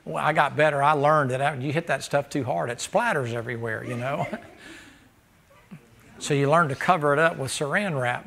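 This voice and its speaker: A preacher with a gravelly, slightly high voice delivers a folksy sermon. He jokes with the congregation and breaks into loud bursts of laughter. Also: brisk, slight background noise.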